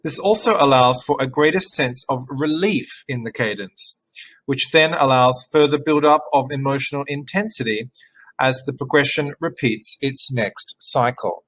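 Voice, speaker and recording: A man reading a written music analysis aloud in an even, measured way, as a teacher. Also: mid-range voice, rough recording. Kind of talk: read-aloud academic narration.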